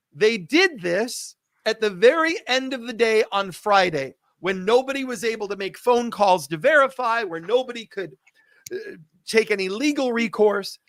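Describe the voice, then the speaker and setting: A man's voice: sits high, fairly bright tone, no room sound. A man hosting a live stream, making an urgent, pleading appeal and repeating calls to action.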